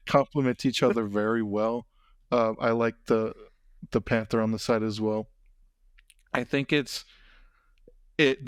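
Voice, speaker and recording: A man's voice: medium pitch, clear, resonant tone, no room sound. Podcast guy rambling casual, lots of you know what i mean, dry mic. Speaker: podcast host. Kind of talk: casual chat.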